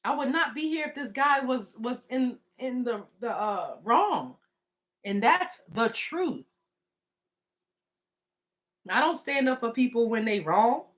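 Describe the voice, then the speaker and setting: A woman's voice: on the high side, animated, takes it slowly, pauses often, a bit bright. A woman talking casually and emotionally in a live video, rambling and indignant as she defends her partner.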